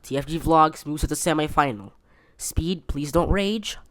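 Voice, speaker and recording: A man's voice: a little high, normal speed, fairly bright tone, no room sound. A man hosting a casual solo podcast from his bedroom, rambling with many fillers and restarts. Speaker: podcast host.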